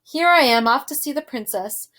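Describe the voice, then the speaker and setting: A high, hollering young servant girl who is hard of hearing, as a woman reads her out, all country grammar and big hopes. She speaks up sharply, as if the whole room were far away, in a storybook read aloud. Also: lively intonation, moderate pace. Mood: chattering to herself. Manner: shouting, countrified speech. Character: twelve-year-old servant girl, half-deaf, hopeful, rustic.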